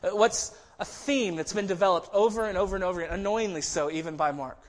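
A fast-talking pastor with a high voice preaches a sermon in a conversational manner. He frequently restarts phrases and acts out the voices he quotes.

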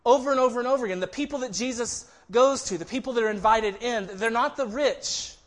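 Man, high-pitched voice, casual sermon delivery, frequent restarts, acts out quotes. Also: fairly quick. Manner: conversational preaching with frequent restarts. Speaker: pastor.

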